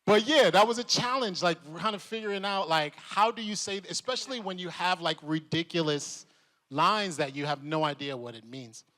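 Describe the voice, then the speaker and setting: A man telling stories at a convention panel, lively and laughing, acting out the voices of the people he quotes. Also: sits high, normal speed. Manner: animated, laughing, acts out voices. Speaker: convention panel guest, actor. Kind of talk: animated storytelling at a convention panel. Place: convention hall. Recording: long hall reverb.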